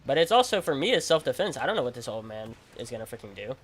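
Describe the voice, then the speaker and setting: A male gaming streamer talking casually through a game session. He rambles, repeats phrases, and drops slang like "bro" and "freaking" in animated, loose chatter at a mid-range pitch. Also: fast talker, husky. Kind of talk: casual livestream chat while playing.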